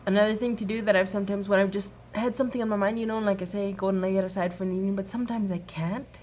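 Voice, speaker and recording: A woman in her thirties giving an earnest, soft-spoken faith-based advice talk to other mothers. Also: medium pitch, fairly even intonation, racing, a little hiss or hum. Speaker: mom sharing a workshop talk.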